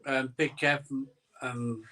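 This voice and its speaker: Middle-aged man, casual live-stream host, rambling, sentimental, mid-pitched, a bit far from the mic. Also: steady tone, takes it slowly, pushed and bright, slight background noise. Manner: rambling, sentimental, reads chat comments aloud.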